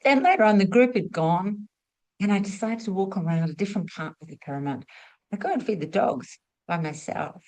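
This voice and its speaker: A middle-aged woman speaks in a storytelling teaching talk with a mid-range voice. She poses rhetorical questions to her listeners and swings between lively, raised bursts and quiet, hushed passages. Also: mid-range voice, brisk. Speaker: spiritual teacher and former nurse.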